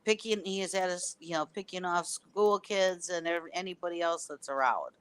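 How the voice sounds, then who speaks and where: Smooth-voiced speaker explaining a scene. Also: medium pitch, normal speed, a bit bright. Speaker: podcast co-host. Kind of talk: casual movie discussion.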